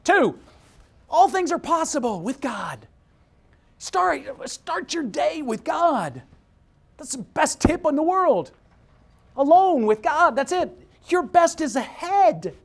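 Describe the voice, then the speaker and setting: A man giving an inspirational keynote talk as a motivational speaker, energetic and punchy, telling stories and repeating his key lines for emphasis. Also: extremely high pitch, takes it slowly, gravelly, long pauses.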